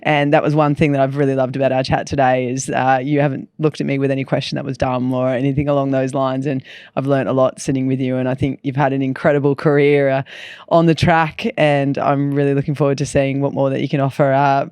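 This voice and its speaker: A woman hosting a podcast, telling stories in a lively, self-deprecating way and acting out what people said. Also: rumbling low, fast, smooth, dry recording, studio quality. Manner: animated, self-deprecating, acts out quotes. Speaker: podcast host. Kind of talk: casual chat, storytelling.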